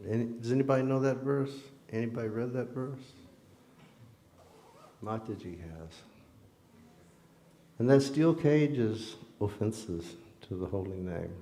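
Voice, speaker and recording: A man's voice: mid-range voice, a little slow, pauses often, dark tone. A man giving an informal devotional talk in a temple, speaking earnestly and conversationally. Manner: conversational, earnest, with ordinary fillers. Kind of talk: informal sermon with storytelling. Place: temple hall during a festival. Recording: echoey hall.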